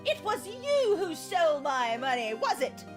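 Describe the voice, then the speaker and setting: A prim little schoolboy with a put-on British accent lectures everyone, lofty and scolding, as a woman voices him. His voice sits very high and swoops a lot. Game music plays underneath. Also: sing-song, unhurried, exaggerated voice. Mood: haughty. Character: prim, stern little boy lawyer. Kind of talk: game dialogue read aloud.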